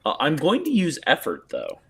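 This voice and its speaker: A man's voice: fairly high pitch, wildly swooping pitch, moderate pace, vocal fry, a bit bright, breathy edge. A man playing a tabletop game, speaking in a mock-pompous, theatrical way. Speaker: player.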